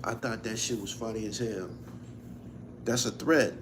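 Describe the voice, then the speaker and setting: A man's voice: lowish voice, fairly even intonation, measured pace, noisy background. A man hosting his own channel, chatting casually and profanely, laughing often as he tells stories. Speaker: channel host. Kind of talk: casual livestream chat.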